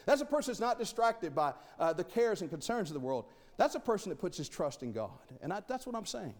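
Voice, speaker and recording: A man preaching a sermon, asking rhetorical questions and swinging between loud and soft. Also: a little high, in a large hall.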